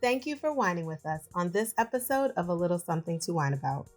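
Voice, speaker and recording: A woman's voice: on the low side, very animated, fast talker, soft background music. A woman co-hosting a casual podcast chat, playful and teasing, also reading show plugs. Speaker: podcast co-host.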